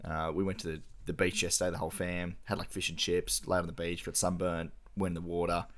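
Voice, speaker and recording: Deep-voiced laid-back Australian man. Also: little pitch movement, fast talker, a bit bright. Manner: laid-back, slangy banter. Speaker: podcast co-host. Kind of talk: casual chat.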